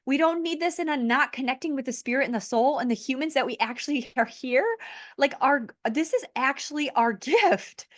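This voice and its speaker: A woman hosting a casual podcast conversation, earnest and animated, laughing lightly between points. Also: high voice, normal speed, no room sound, studio quality. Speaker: podcast host.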